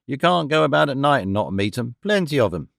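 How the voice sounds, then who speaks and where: A man's voice: medium pitch, big pitch swings, a little fast, gravelly, no room sound, studio quality. A man voicing a good-natured middle-aged police inspector who talks in a blunt, homely, colloquial way. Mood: chatty.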